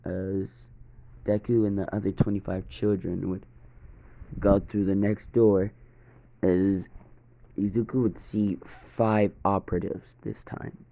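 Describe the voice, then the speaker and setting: A man telling a fan fiction story in a very deep, gravelly voice. He narrates slowly and steadily, in a dark, monotone delivery.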